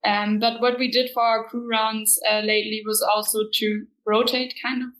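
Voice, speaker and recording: A woman guest on a casual podcast interview with a light French and German accent, talking in a relaxed, measured way with fillers. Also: on the high side, poor audio. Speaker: guest, run crew member.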